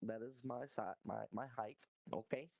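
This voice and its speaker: A man co-hosting a podcast who talks in a profane, offhand, joking way while high. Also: fairly even intonation, moderate pace, creaky, darkish tone. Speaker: podcast co-host. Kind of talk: casual chat.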